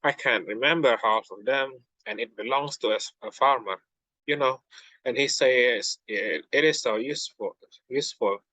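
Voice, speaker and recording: A man's voice: medium pitch, normal speed, sharp tone, no echo, rough recording. A young man voicing Alice, a polite, chatty little girl, in a storybook reading, stumbling over words.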